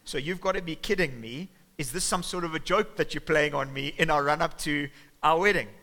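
A shocked young man who cannot believe what he hears, played by a preacher. His voice is bright and carries a raised, exasperated edge. He sounds incredulous. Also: a little high, animated, a little slow.

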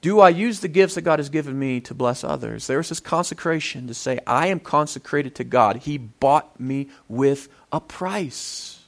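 Pastor, male, light high voice, earnest sermon delivery that swells and drops. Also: moderate pace, vocal fry, hardly any pauses. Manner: earnest preaching, voice swelling and dropping for emphasis.

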